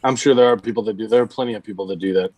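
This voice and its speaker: A man's voice: on the low side, rapid-fire, a little mellow, slight background noise, poor audio. A man co-hosting a podcast, chiming in with agreement and crude jokes. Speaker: podcast co-host. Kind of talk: casual podcast chat.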